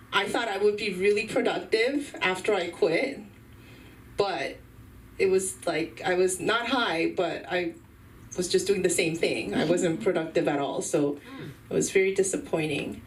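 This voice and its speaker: A woman's voice: medium pitch, a little slow. A woman headlining a stand-up set, hesitant, with ums and small laughs. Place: comedy club open mic. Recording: far from the mic, faint room noise.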